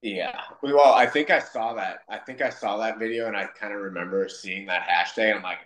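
A man with a deep, low voice tells stories in a loose, conversational way, acting out each quoted line. He is a podcast guest from Wisconsin. His voice carries a noticeable roomy echo. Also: normal speed. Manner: animated, acts out quoted dialogue. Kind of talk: casual storytelling in conversation.

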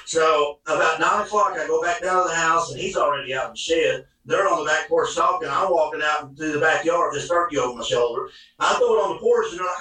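A man telling a hunting story in a folksy, animated way, recorded in an echoey room with the mic at a distance. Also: on the high side, fast talker. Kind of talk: casual storytelling.

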